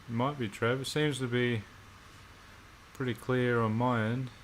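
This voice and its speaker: Aussie guy chatting on a stream, laid back, swears a fair bit, average pitch voice. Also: steady tone, measured pace, slight background noise. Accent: Australian. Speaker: livestream co-host. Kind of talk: casual chat on a livestream.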